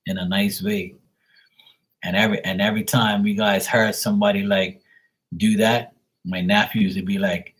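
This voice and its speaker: A man's voice: sits low, steady tone, normal speed, long pauses, a bit bright, rough recording. A man hosting a live stream, telling loose, profane stories in casual chat and laughing at his own jokes.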